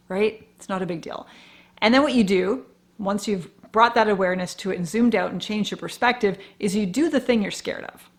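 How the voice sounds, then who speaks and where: A woman in her forties talks through her solo podcast in an earnest, encouraging tone. Her voice carries a steady gravelly fry, and she sits at a middling pitch. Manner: earnest, encouraging, mildly profane. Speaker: podcast host. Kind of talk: casual solo podcast talk.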